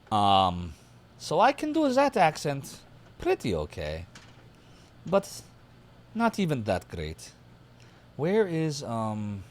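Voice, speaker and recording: Low-voiced streamer guy reading game text out loud, chatty, lots of ups and downs in his voice. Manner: chatty, thinks aloud while taking notes. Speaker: streamer playing a detective game. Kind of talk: casual live-stream commentary, reading game text aloud.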